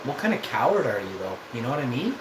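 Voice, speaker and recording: Dude rambling thru a story on stream, swears a lot, roomy echo and noise behind him. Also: male voice, mid-range voice, very animated, fast talker. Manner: rambling, loose and profane. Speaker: live streamer. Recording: echoey room with background noise.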